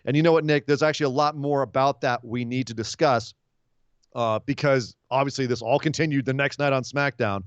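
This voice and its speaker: A man's voice: mid-range voice, steady tone, brisk, smooth, no room sound, muffled recording. A man co-hosting a wrestling podcast, sarcastic and profane, slipping into mocking impressions as he recaps. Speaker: podcast co-host. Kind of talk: casual wrestling podcast chat. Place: home studio in Los Angeles.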